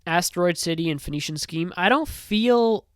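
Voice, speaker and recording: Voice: medium pitch, animated, moderate pace, fairly bright tone, smooth, no room sound. A film commentator giving casual spoken opinions in a rambling, loose way, full of fillers.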